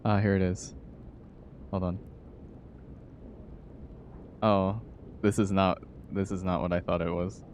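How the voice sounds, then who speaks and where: Low, laid-back, giggly male streamer. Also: level tone, takes it slowly, long pauses, a little mellow, slight background noise. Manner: playful, laughs often, greets chat. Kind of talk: casual live-stream chat.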